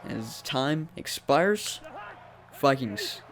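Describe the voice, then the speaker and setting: A young man giving casual play-by-play commentary over a football video game, talking to the teams on screen and jumping high when surprised. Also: animated, very slow, fairly bright tone, slight background noise. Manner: chatty, talks to the teams on screen. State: voice cracking. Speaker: gaming commentator.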